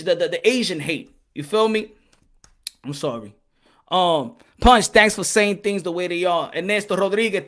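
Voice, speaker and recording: A man with a high-pitched voice hosts a boxing channel, giving impassioned, preachy commentary that switches between English and Spanish. He rises to shouting when he gets worked up.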